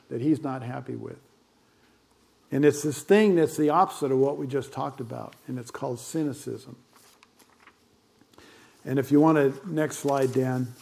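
A man's voice: medium pitch, creaky, dark tone. An older man with grandchildren, a pastor giving a conversational sermon full of fillers and asides.

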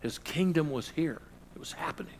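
Middle-aged guy preaching, big loud bits then goes quiet and low. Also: moderate pace, a little hiss or hum. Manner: dramatic swings between loud emphasis and hushed low passages. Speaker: pastor. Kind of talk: sermon.

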